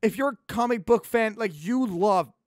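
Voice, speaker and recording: A man's voice: high voice, moderate pace, no echo, clean studio sound. A young man hosting a casual podcast chat, rambling and stumbling over his words with lots of fillers. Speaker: podcast host.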